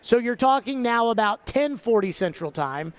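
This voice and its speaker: A man hosting a sports talk radio show, talking in an animated, chatty way. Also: extremely high pitch, normal speed, smooth, no room sound. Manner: animated, slips into an exaggerated Southern drawl for bits. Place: radio studio.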